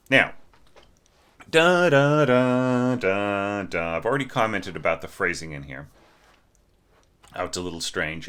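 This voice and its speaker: Brief: middle-aged male orchestration teacher, deep and bright voice, hums passages while critiquing. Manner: sings phrases to illustrate, thinks aloud with restarts. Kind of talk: spoken critique of a score.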